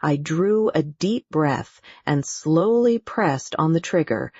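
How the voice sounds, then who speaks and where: In a low, husky voice, a woman narrates a scripted adventure audiobook at a steady, deliberate pace. The recording is dry and close with no echo, and its tone is slightly dull and muffled.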